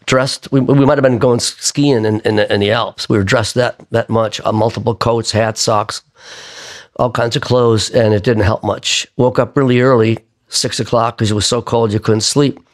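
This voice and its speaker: A man's voice: mid-range voice, steady tone, normal speed. An older man telling a long story in a casual, rambling way, often restarting his sentences. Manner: rambling, self-correcting raconteur. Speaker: singer-songwriter guest.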